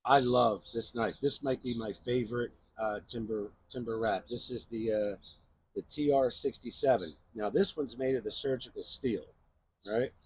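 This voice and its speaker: A man's voice: medium pitch, steady tone, moderate pace, a little mellow, slightly rough. A man hosting a knife channel, chatting casually in a rambling show-and-tell review and often asking "right?".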